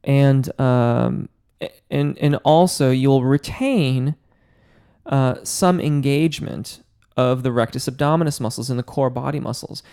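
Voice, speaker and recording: A man's voice: mid-range voice, measured pace, gravelly, dark tone, smooth. A man hosting a live Q&A as a vocal coach, reading viewer comments aloud by name and explaining singing technique in a casual way, close to the mic. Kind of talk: live-stream Q&A, casual chat. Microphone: close studio mic.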